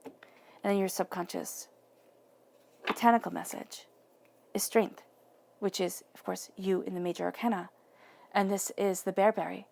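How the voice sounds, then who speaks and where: Encouraging woman reading tarot, creaky voice. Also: medium pitch, steady tone, normal speed, long pauses, darkish tone, a little hiss or hum. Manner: earnest, encouraging, repeats phrases for emphasis. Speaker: tarot reader.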